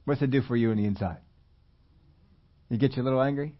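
A man preaching a conversational sermon, at times rising loud and emphatic. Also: medium pitch, fast, muffled recording. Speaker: pastor.

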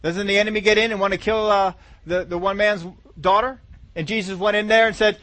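A man's voice: sits high, steady tone, brisk, bright, forceful tone. A man preaching a sermon, emphatic and repetitive, acting out doubters' words and quoting scripture. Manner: emphatic, repeats phrases, acts out quoted doubters.

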